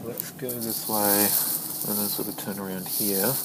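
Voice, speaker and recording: A man telling a personal story while driving, in a rambling, halting way full of restarts. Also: on the low side, steady tone. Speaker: vlogger. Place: inside a moving car. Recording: car noise in background. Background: vehicle noise.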